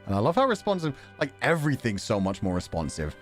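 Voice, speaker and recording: Male streamer, casual chat, very animated lively pitch, laughs a lot, swears, faint music behind. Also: fast. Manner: laughs often, swears, excitable.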